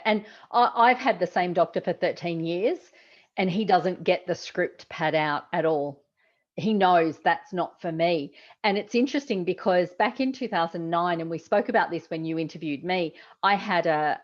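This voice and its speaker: A woman's voice: fairly low pitch, moderate pace. A woman hosting an interview, encouraging her guest and prompting him with questions. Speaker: podcast host. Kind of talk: interview conversation. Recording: dull lo-fi audio.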